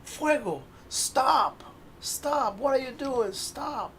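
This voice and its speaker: A man voicing a frantic male stage magician who pleads with his runaway fire pet in a shrill, raised voice. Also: animated, drawn-out words, very noisy, exaggerated voice. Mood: pleading.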